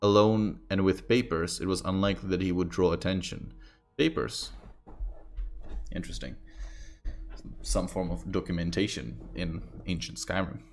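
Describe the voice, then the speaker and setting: A man's voice: sits low, moderate pace, pauses often, faint music behind. A man reading a fantasy book aloud on a stream, breaking off now and then for offhand, joking asides. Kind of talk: casual reading with commentary.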